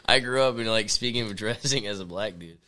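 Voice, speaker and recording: A man's voice: fairly low pitch, a little fast, sharp tone, clean tone. A young man casually chatting on a podcast, laid-back and often laughing as he tells stories. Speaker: podcast co-host. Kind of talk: casual chat.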